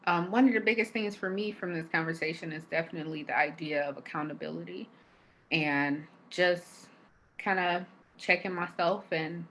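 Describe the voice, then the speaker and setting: Woman on the call sharing her takeaway, a bit lower voice, sincere. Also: moderate pace, fairly bright tone, slight background noise, low-quality recording. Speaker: forum attendee. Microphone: video call.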